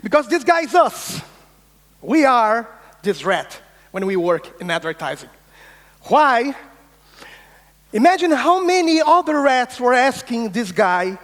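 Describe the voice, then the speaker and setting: High-voiced man keynoting in a reverberant hall. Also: measured pace, long pauses. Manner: energetic, insistent, swears, acts out quoted voices. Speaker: keynote speaker. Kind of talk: conference keynote talk. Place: large conference hall.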